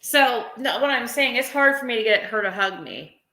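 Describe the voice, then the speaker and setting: A woman's voice: on the high side, lively intonation, normal speed, bright, forceful tone. A woman chatting casually on a live stream, rambling and emotional, often breaking into laughter. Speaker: livestreamer. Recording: roomy echo.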